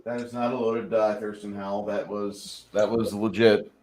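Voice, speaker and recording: A man who runs tabletop games, chatting on a podcast as an animated storyteller who swears casually. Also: on the low side, moderate pace, slight background noise. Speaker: game master.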